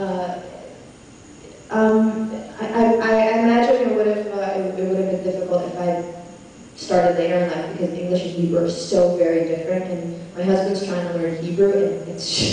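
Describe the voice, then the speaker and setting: A woman's voice: mid-range voice, mellow. A young woman from Israel talks casually at a fan panel, laughing and restarting her sentences. Her voice comes through a PA in a big echoing convention hall, heard from far off with a long reverb tail and faint background noise. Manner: chatty, laughing, hesitant restarts. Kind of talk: casual Q&A answers. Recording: echoey hall taped from far off.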